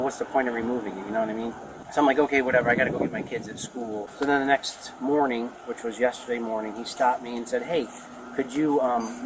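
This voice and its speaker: A young man, a neighbor, rambling through a retelling of events to police outdoors and acting out what others said. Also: mid-range voice. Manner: rambling, acts out quoted talk. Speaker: neighbor giving a statement. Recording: noisy outdoor body camera audio.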